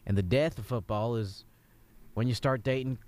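A man's voice: medium pitch, very fast, close to an everyday voice. A man playing a brash football head coach in an improvised comedy sketch, giving a rambling pep talk with a slipping Southern drawl. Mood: blustering.

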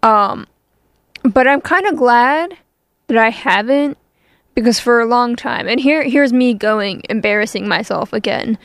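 A woman radio host talks casually between songs, rambling and poking fun at herself. Her voice sits a little high, and she takes her time with the words. The sound is close and dry. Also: a little slow, fairly bright tone, dry recording. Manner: chatty, self-deprecating, with frequent fillers. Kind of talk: casual on-air chat introducing songs.

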